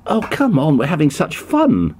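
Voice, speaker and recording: A man's voice: on the high side, huge pitch swings, moderate pace, a little mellow, a little hiss or hum. A man making a prank phone call in a put-on, poorly done American accent, hesitant and mock-innocent, full of ums and restarts. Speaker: prank caller.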